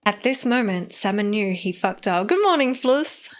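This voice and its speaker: A woman's voice: medium pitch, animated, moderate pace. A woman casting a strategy game live on stream, playful and teasing, with frequent giggles.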